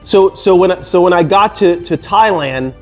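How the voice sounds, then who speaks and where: A middle-aged man tells a personal story in a loose, casual way, circling back with fillers and restarts. His voice sits a little high for a man. Faint music plays quietly underneath. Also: lively intonation, unhurried. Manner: rambling, many fillers and restarts. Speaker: vlogger telling a travel story.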